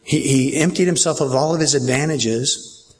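A man's voice: medium pitch, moderate pace, darkish tone, a little hiss or hum. A man preaching a verse-by-verse sermon as pastor, in a conversational way that keeps checking in with his listeners.

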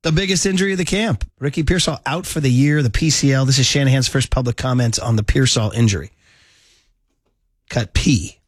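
A man's voice: mid-range voice, fairly quick, no echo, studio quality. A man hosting a casual morning sports radio show, rambling and self-deprecating with lots of restarts.

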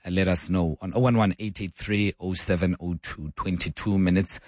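A male South African radio host with a hoarse voice, chatting and putting questions to his listeners on a call-in show. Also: low-pitched, steady tone, moderate pace, no room sound, studio quality. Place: radio studio.

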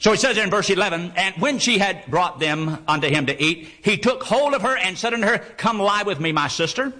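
A man's voice: high voice, animated, a little fast, bright, forceful tone. A man preaching a sermon, reading scripture aloud and driving his points home with rhetorical questions he answers himself. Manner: reads King James scripture aloud.

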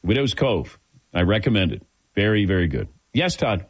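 A man's voice: deep voice, big pitch swings, a little fast, dry recording. A middle-aged man from the American Midwest hosting a sports talk radio show, chatting casually and telling stories with a chuckle. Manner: laid-back, chuckling, storytelling. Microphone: studio microphone.

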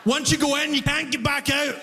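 A young man who moved to Toronto, doing a stand-up comedy set and telling an animated story with acted-out voices. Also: very high-pitched, fairly quick, noisy background. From immigrant living in Toronto. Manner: animated storytelling, acts out quoted voices, laughs often. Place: comedy venue with audience. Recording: live hall reverb, faint ambience.

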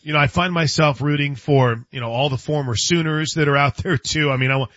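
A man's voice: fairly high pitch, fairly quick, fairly bright tone, no echo, dull audio. A man hosting a sports radio show, chatting casually and often restarting his sentences. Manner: chatty, stumbles and restarts, laughs.

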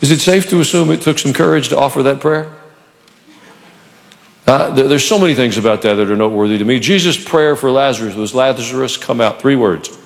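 Gravelly-voiced pastor preaching in a hall. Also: male voice, medium pitch, brisk. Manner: animated, conversational preaching with humor. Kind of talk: sermon. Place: church.

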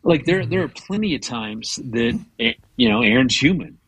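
A man's voice: mid-range voice, animated, normal speed, fairly bright tone, husky, no room sound. A man in his fifties, a guest on an interview show, telling a personal marriage story in an earnest way, often restarting his words. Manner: earnest, many repeated false starts.

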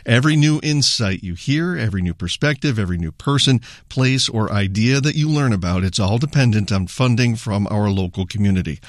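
A man co-hosting a public radio pledge drive, making a steady, earnest appeal from the studio. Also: on the low side, dry recording.

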